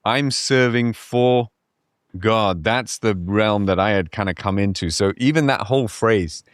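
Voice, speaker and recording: Man, low voice, reflective, casual podcast chat, dry close sound. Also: a little slow, clean tone, no room sound.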